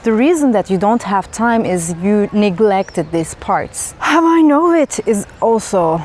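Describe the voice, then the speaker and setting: A woman's voice: medium pitch, expressive, measured pace, darkish tone. Woman rambling thoughtfully outside in the woods, asks lots of questions, faint noise behind. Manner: loose, musing, asks rhetorical questions. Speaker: spiritual vlogger. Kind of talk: spontaneous reflective talk. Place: outdoors in a forest.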